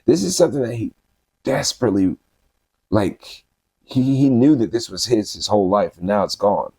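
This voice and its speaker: A man's voice: fairly low pitch, lively intonation, normal speed, mellow, slightly rough, no room sound. A man giving casual, slangy Bible study commentary, reading passages aloud and then riffing on them conversationally.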